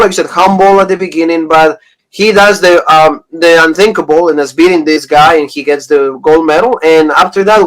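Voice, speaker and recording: Male co-host, 30s, fairly high voice, loose rambling recap style. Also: a bit bright, rough recording. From Pennsylvania. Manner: rambling, retelling stories with quoted lines. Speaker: podcast co-host. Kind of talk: casual review chat.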